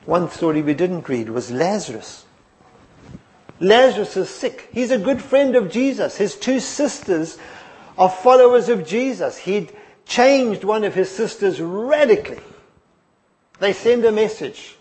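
High-voiced man preaching with dramatic swings. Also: a little slow. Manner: expressive storytelling, dropping soft then rising emphatic. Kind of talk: sermon.

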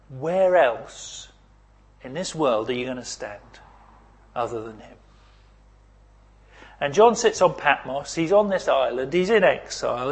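A middle-aged man preaches slowly and deliberately, with a slightly husky voice. He leans hard on key phrases, then drops almost to a hush. His pitch sits a little above the usual for a man. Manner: dramatic shifts between loud emphasis and near-whisper. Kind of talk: sermon.

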